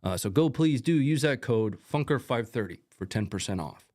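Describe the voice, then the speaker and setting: A man's voice: medium pitch, normal speed. A man hosting a live stream, talking casually through combat footage with chatty asides. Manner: relaxed, conversational, chatty asides. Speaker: host.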